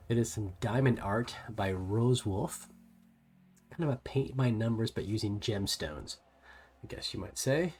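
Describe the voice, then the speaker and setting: A man with a soft US West Coast American accent, casually chatting with viewers on a livestream while painting miniatures. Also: lowish voice, takes it slowly, pauses often, slight background noise. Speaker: livestream host.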